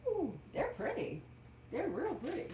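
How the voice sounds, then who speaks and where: A woman's voice: sits high, wildly swooping pitch, measured pace, background noise. A woman, chatting casually on a livestream from her home kitchen, laughing often. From Southeastern Virginia. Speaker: vlogger.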